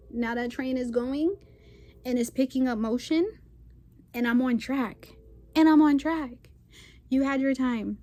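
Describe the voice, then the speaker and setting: A woman's voice: a little high, a little mellow. A woman hosting a spiritual channel, ranting to camera in a sassy, defiant way with casual slang and emphatic repeated phrases. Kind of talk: impassioned unscripted rant to camera.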